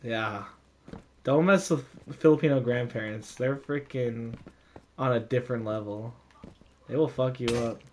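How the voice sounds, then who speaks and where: A young man casually telling a story, animated, with frequent laughs and lots of fillers. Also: mid-range voice, measured pace, long pauses, slight background noise.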